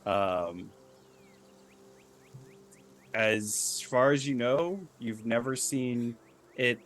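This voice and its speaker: Game master, male, slow and measured narrator. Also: mid-range voice, slight background noise.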